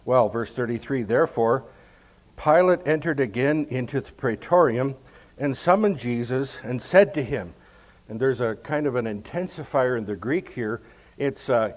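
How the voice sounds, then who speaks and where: A man giving verse-by-verse Bible teaching, explaining each passage in a measured way and stressing key words. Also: mid-range voice, expressive.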